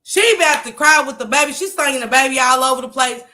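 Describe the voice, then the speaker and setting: Animated, bright-voiced woman telling a story. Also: sits high, fast. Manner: animated, laughing often, acts out what others said. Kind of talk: casual storytelling to a live chat.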